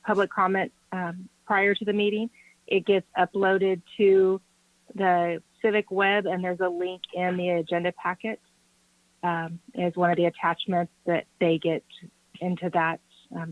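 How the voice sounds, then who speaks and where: A woman's voice: on the low side, no room sound. Woman clerk on a tinny line. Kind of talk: procedural explanation. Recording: dry tinny phone-like line.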